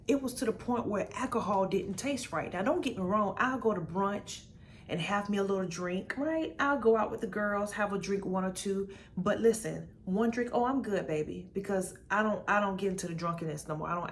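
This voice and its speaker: A woman's voice: mid-range voice, a little hiss or hum. A young woman speaking casually and emphatically in a testimony vlog, repeating herself for effect and calling the listener "baby". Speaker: faith vlogger sharing her testimony.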